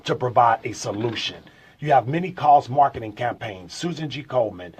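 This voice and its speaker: A husky-voiced middle-aged man speaks as a guest in a radio studio. He lays out his business pitch in a steady, earnest, explanatory way. His tone is mid-pitched and slightly rough. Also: normal speed. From St. Louis. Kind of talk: radio interview.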